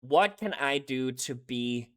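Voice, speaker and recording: A man's voice: mid-range voice, lively intonation, slow. A young man talking through song lyrics in a casual reaction video, earnest and emotional, often checking in with "right?". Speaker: music reaction YouTuber.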